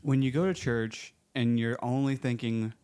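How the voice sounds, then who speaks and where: A man's voice: fairly even intonation, moderate pace, warm tone, smooth. A man hosting a podcast in casual faith talk, earnest, his voice rising when he makes a point. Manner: earnest, rises in pitch when making a point. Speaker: podcast host.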